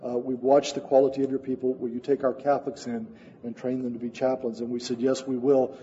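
A man telling a missionary story in a sermon, earnest and full of pauses and fillers. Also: medium pitch, flat delivery, dark tone, a little hiss or hum. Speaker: missionary speaker. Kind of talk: sermon testimony. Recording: dull sound with long hall reverb.

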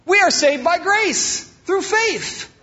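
A man's voice: very high-pitched, expressive, slow, pushed and bright, dull audio. A male pastor preaching a sermon, emphatic and repeating his key phrases.

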